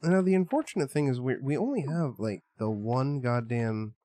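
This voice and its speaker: A man's voice: mid-range voice, animated, normal speed, warm tone. Profane, rambling male game streamer. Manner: rambling, profane, jokey, talks to chat. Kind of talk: casual gameplay commentary.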